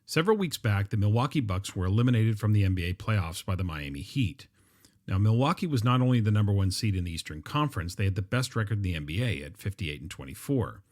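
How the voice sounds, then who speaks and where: A man's voice: on the low side, lively intonation, quick pace, a little mellow. A middle-aged man hosting a podcast, talking conversationally in a solo monologue with frequent ums and uhs. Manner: conversational, with frequent fillers and restarts. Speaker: podcast host.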